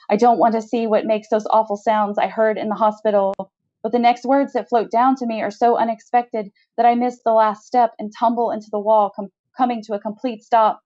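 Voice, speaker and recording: A woman author reads her own first-person short story in a steady, measured way. Her pitch is middling. The recording is slightly dull and lo-fi.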